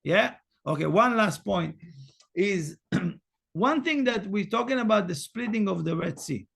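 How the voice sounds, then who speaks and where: A man giving a Torah portion lesson, emphatic and repetitive, swinging from loud urging to hushed, near-whispered asides, halting now and then on fillers. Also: sits high, expressive, creaky, breathy edge. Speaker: spiritual teacher.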